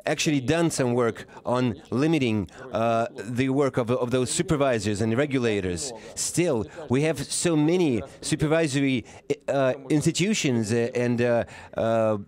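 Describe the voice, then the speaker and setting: A man giving a live interpretation of a formal speech, halting and often pausing to correct himself. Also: mid-range voice, animated, darkish tone. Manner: halting, with frequent pauses and self-corrections. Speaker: simultaneous interpreter.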